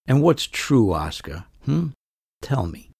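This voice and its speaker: A man's voice: medium pitch, very animated, takes it slowly, creaky, darkish tone, slightly rough, no echo, clean studio sound, voice pushed up, heavily acted. A man voicing a scornful, narcissistic older mother who was once a stage diva, with a cutting, theatrical way of speaking. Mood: mocking.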